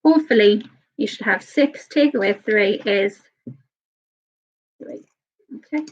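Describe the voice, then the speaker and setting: Medium in pitch, with a little hiss or hum in the background, a woman teaches young children maths in a live online session. This early years teacher is patient but slightly nervous, talking a bit fast and frequently checking in with "okay?". The overall sound is slightly dull lo-fi.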